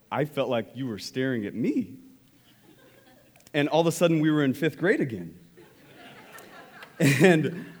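A man preaching a sermon, telling a personal story in a conversational, animated way before turning to scripture. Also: medium pitch. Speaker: pastor.

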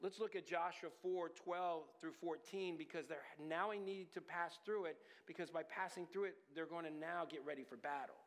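A man's voice: on the high side, steady tone, normal speed, few pauses. Man, pastor, sermon, plays out little family scenes, reverberant church hall. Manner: acts out whiny children and parents in little scenes.

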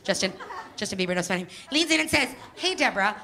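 A woman stand-up comedian telling a story on stage, lively and full of mock quotes. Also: mid-range voice, quick pace. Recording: distant stage recording with noise.

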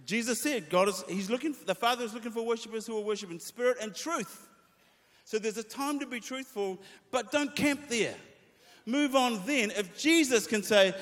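A man preaching a sermon to worship leaders, reading scripture aloud with feeling and speaking with lively emphasis. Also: very high-pitched, moderate pace. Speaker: pastor. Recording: long reverb of a hall.

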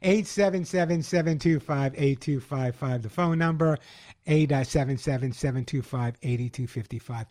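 A man's voice: mid-range voice, moderate pace, a little mellow. Man, Long Island accent, middle-aged, radio call-in host, upbeat promo delivery. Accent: Long Island New York.

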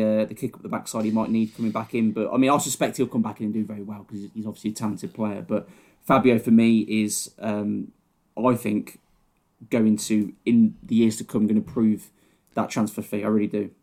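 A man's voice: fairly low pitch, flat delivery, a little fast, darkish tone. A man co-hosting a casual football podcast, giving earnest opinions and protesting at his co-host's teasing. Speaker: podcast co-host.

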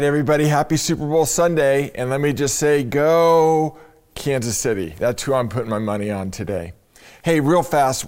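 A middle-aged man, a pastor, preaching a sermon in a conversational way and speaking straight to his listeners. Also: medium pitch. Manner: warm conversational preaching with direct address to listeners.

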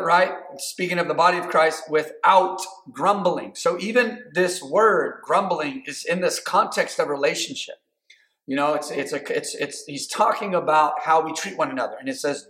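Fairly high-voiced preacher in echoey room. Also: male voice, bright, forceful tone. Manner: conversational preaching with many fillers and restarts. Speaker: pastor. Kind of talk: sermon.

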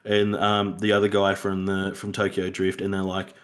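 A man chatting casually as a podcast co-host, rambling and animated, acting out lines he imagines characters saying. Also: low voice, normal speed. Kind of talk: casual film review chat.

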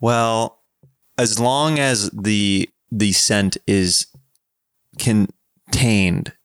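Man, relaxed podcast co-host, lowish voice, dry close recording, meandering delivery. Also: very slow, clear, resonant tone, dry recording. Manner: easygoing, rambling, many likes and restarts. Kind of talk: casual chat.

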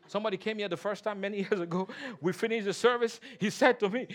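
A man preaching a sermon as pastor, animated, mimicking people and singing snatches of a hymn. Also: high voice, fast talker, hardly any pauses. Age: adult.

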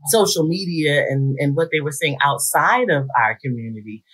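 A middle-aged woman, a psychologist guest on a radio talk show, speaking warmly and with enthusiasm. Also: deep voice, moderate pace, breathy edge. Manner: warm, enthusiastic, expressive talker.

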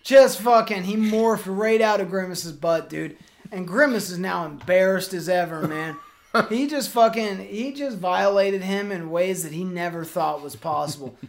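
A man's voice: sits high, measured pace, creaky. A man co-hosting a comedy podcast, improvising a rambling, profane, escalating absurd story. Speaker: podcast co-host.

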